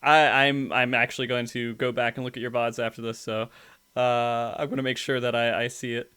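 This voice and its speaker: A man's voice: mid-range voice, little pitch movement, sharp tone, smooth. Laid back guy hosting a gaming podcast, asks stuff, laughs along. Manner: easygoing, questioning, quick to laugh along. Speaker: podcast host. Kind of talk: casual podcast interview.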